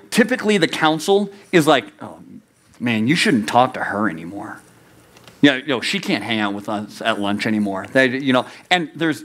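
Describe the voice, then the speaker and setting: A man in his thirties preaching a youth sermon, animated and joking, who jumps into high comic voices. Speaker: youth pastor.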